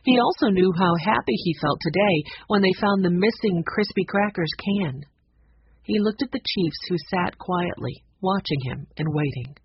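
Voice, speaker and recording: An audiobook narrator reading a children's storybook aloud at a steady, even pace. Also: mid-range voice, normal speed, slight background noise. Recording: dull lo-fi recording.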